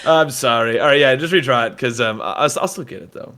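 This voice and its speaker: A man on a livestream chat who gets excitable, stammers and giggles a lot. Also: medium pitch, quick pace, heavy background noise. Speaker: guest.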